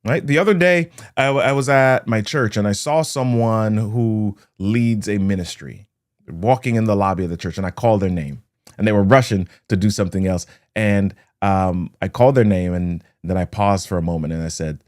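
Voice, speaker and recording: A man's voice: fairly low pitch, moderate pace, darkish tone. A man hosting a motivational leadership talk who tells stories and acts out the scenes with sound words. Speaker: host of a leadership talk show.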